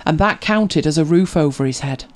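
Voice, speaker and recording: This tech help show host has a mid-range, expressive voice and speaks at a moderate pace. Chatty and quick to laugh, they field viewer questions casually, often repeating words as they start a sentence.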